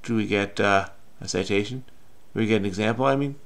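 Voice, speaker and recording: Gravelly man frenetically solving crosswords. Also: fairly low pitch, fast. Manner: frenetic, muttering to himself. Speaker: crossword solver. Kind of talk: casual puzzle-solving commentary.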